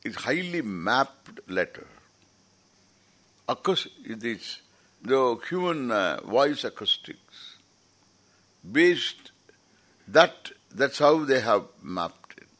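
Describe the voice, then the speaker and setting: A man's voice: medium pitch, sing-song, takes it slowly, pauses often, a bit bright. A man giving an informal, rambling lecture as a teacher at a scripture camp, often restarting his sentences. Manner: rambling, explanatory, with frequent restarts.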